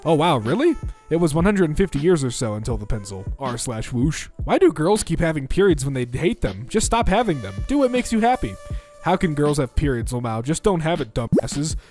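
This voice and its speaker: A young man reading out internet posts for comedy, bouncing between flat deadpan and mock voices. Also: a little high, soft background music. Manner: lively, quick shifts into mock voices.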